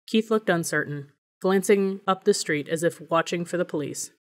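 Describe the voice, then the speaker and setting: A woman reads a novel aloud as an audiobook narrator. Her delivery is measured and even, and her voice sits a little low for a woman.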